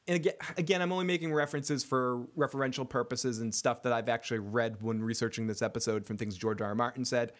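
A man co-hosting a casual recap podcast, talking excitedly, swearing and often restarting his sentences. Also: mid-range voice. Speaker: podcast co-host.

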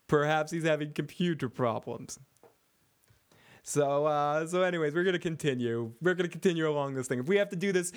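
A man hosting a casual TV recap show, joking and swearing as he rambles and reads chat comments. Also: fairly high pitch. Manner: profane, joking, rambling with frequent laughs. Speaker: podcast host reading chat comments.

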